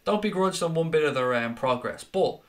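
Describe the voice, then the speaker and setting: A man's voice: on the high side, lively intonation, moderate pace. A man hosting a fan live stream, chatting casually, reading out viewer comments and calling people mate. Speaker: fan channel host reading live chat.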